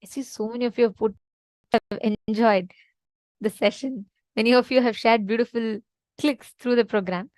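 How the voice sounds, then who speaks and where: Woman spiritual teacher, earnest and emphatic, high voice, dry close sound. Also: steady tone, normal speed, a little mellow, dry recording, rough recording. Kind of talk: devotional teaching session.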